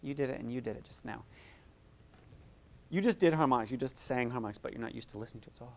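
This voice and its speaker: A woman's voice: extremely low pitch, fast talker, creaky, a little mellow. A woman music therapist teaching a group, chatty and encouraging, demonstrating vocal sounds and laughing often. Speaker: music therapist leading a workshop.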